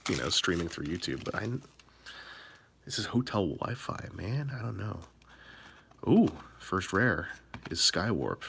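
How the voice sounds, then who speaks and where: A man chatting on a late-night live stream while opening card packs, rambling and low-key, keeping his excitement in check, from a hotel room. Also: gravelly, slight background noise.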